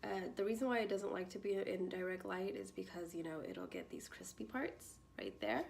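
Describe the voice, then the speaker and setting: A woman's voice: mid-range voice, lively intonation, a little fast, gravelly, a little mellow, a little hiss or hum. A young woman talking through plant care in a chatty, bubbly way, with lots of fillers and frequent laughs. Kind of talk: casual tutorial chat.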